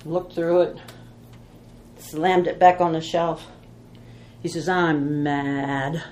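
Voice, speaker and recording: A woman's voice: lowish voice, little pitch movement, slow pace, mellow, reverberant, slight background noise. A woman teaching a Bible study in an informal, folksy way, telling stories and asking rhetorical questions.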